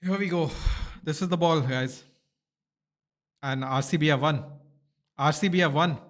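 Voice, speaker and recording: A man hosting a live cricket watchalong, reacting excitedly and shouting at big moments with slangy asides. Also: on the high side, measured pace. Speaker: watchalong host.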